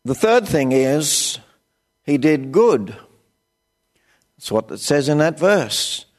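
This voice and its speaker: An older man with an Australian accent preaches in a plain-spoken, storytelling way, acting out the voices of the people in his stories. His voice sits notably high for a man. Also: big pitch swings, slow. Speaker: pastor. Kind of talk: sermon with personal stories.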